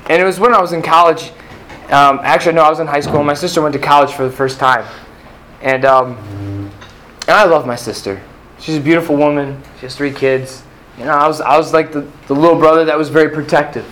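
A young man speaks as a retreat speaker, giving an earnest, personal faith testimony to a youth audience with plenty of fillers. His voice is on the high side and fairly bright, with a slight hiss or hum. The room is echoey, with faint ambient sound.

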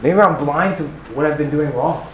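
A man's voice: fairly high pitch, normal speed, background noise. A young man giving an earnest, personal testimony as a retreat speaker, with many fillers. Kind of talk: faith talk to a youth audience. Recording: echoey room with faint ambience.

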